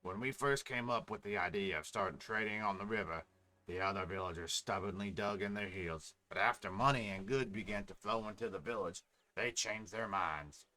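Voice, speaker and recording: A man reading a deep-voiced village fisherman. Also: normal speed, bright, forceful tone. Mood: warm. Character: friendly male village fisherman, middle-aged.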